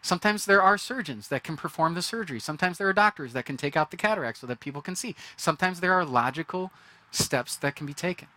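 Guy preaching a casual sermon, bright forceful voice, kinda high. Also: expressive, quick pace. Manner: conversational, acts out quoted reactions. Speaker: pastor.

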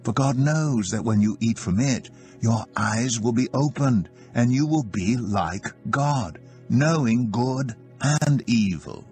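A crafty serpent, voiced by a British man in a scripture reading, sly and coaxing. The voice lifts higher than the reader's usual tone, sweet and insinuating, with soft music underneath. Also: expressive, slow. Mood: tempting.

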